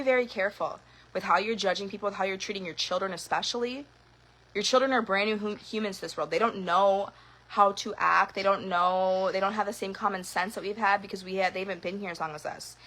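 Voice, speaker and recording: A woman's voice: medium pitch, a bit bright, poor audio. A young woman and mother in a casual personal monologue, frank and conversational, swearing now and then and leaning on fillers. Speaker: mother talking to camera.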